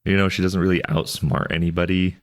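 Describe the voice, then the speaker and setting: A man's voice: deep voice, flat delivery, fast talker. A man co-hosting a podcast, talking loosely about a film in a rambling, jokey way with lots of restarts. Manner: rambling, self-interrupting, jokey. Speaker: podcast co-host. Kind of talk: casual film discussion.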